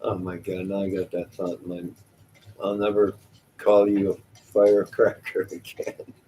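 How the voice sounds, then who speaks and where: A man's voice: sits low, flat delivery, a little slow, dark tone, a little hiss or hum, low-quality recording. A man hosting a casual live stream, reacting to his chat with jokes, exclamations and frequent laughs. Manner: joking, exclamatory, laughs often. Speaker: livestream host reading chat.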